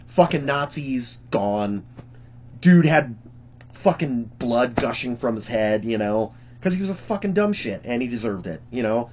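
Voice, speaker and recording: Man, vlog host, casual profane storytelling, raspy voice, muffled low-fi recording. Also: a little mellow. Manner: profane, rambling, lots of fillers. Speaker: channel host telling stories.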